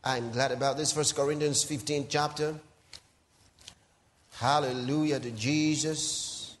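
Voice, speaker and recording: Speaking a little slowly in a mid-range voice, a male pastor delivers a teasing, animated sermon full of laughter, shifting from soft asides to loud exclamations. There's a little hiss or hum in the recording.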